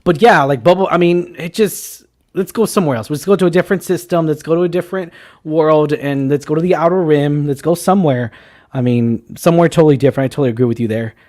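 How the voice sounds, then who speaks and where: A man co-hosting a movie talk show, excitable and jokey in casual chat. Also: on the high side, fast talker. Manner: excitable, jokey, restarts a lot. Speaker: podcast co-host.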